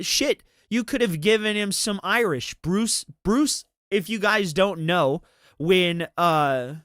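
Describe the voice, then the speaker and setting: Male streamer, slightly high and resonant voice, casual rambling commentary with swearing and restarts, dry close sound. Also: a bit bright, clear, resonant tone, no echo. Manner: rambling, profane, frequent restarts.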